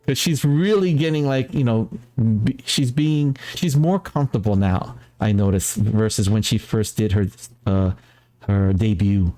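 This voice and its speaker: Rambling man with a mellow voice. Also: lowish voice, a little slow. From Philippines. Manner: rambling, animated, laughs often. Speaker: talk show host. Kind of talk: casual chat.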